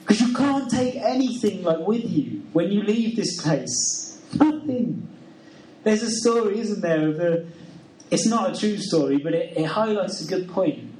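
Male preacher, slightly high voice, earnest, chatty sermon, roomy far-off mic. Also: animated, measured pace, darkish tone, slight background noise. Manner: earnest, conversational, with rhetorical questions. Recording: roomy sound from a distant mic.

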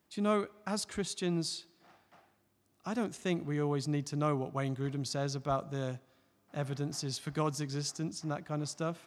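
A man preaching a sermon, earnest, rising to loud emphatic peaks and dropping to soft, close appeals. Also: on the high side. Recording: long hall reverb.

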